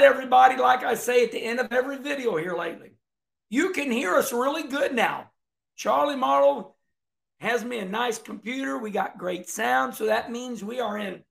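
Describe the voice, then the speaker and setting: A middle-aged man, a racing commentator, delivering an emphatic, fired-up rant to camera with loud whoops. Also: extremely high pitch, vocal fry.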